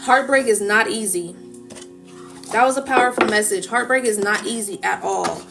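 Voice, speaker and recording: A woman's voice: medium pitch, moderate pace, creaky, music in the background. A woman giving a spiritual collective reading in a casual, coaxing manner, often checking in with "okay?" and "right?". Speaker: tarot reader.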